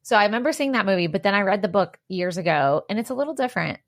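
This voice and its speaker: Animated, teasing woman podcast co-host. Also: medium pitch, no echo, studio quality. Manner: teasing, animated, quick reactions. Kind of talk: casual chat.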